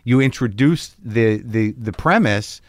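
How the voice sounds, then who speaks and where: A man's voice: mid-range voice, unhurried, no echo, studio quality. A man hosting a casual chat, rambling and easygoing, with frequent restarts. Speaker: podcast host. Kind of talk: casual chat with a put-on radio host bit.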